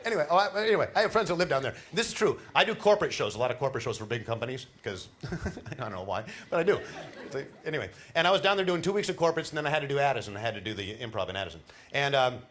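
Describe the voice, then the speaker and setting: A middle-aged man doing a stand-up comedy set on a cruise ship, telling animated stories with laughs and put-on voices. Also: mid-range voice, very fast, a little hiss or hum. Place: cruise ship show lounge.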